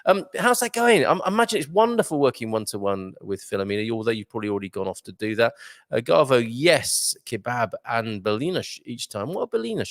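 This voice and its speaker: A man's voice: medium pitch, sing-song, fast talker, dry recording, studio quality. A man hosting a live breakfast show, chatting casually and jokingly as he reads out viewer comments with many ums and uhs. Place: live broadcast from a resort venue.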